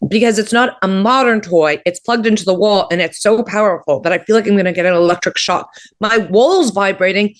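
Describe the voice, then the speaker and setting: A woman's voice: medium pitch, fairly quick, hardly any pauses. A woman comedian from Canada in casual comedic chat, candid and laughing, with lots of fillers. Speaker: comedian guest.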